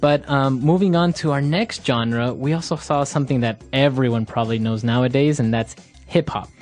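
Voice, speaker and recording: A man's voice: mid-range voice, moderate pace, darkish tone, faint music behind. A man hosting a language-learning podcast in casual teaching chat, asking questions and laughing easily. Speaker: podcast host.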